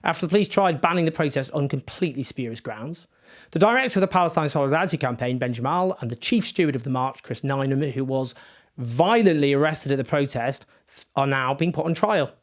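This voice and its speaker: A man's voice: mid-range voice, expressive, brisk. A man giving impassioned, indignant political commentary with sarcastic asides.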